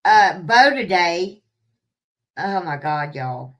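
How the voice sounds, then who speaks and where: A woman telling a story to her viewers in a casual, animated way, swearing freely and laughing at herself. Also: fairly low pitch, takes it slowly. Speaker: streamer talking to live chat.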